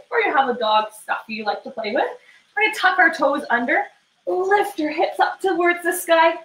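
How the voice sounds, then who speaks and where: Bright, high woman guiding a children's yoga class in a roomy, echoey space; gentle and playful. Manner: gentle, playful step-by-step coaching for young children. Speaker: kids yoga instructor. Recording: roomy echo.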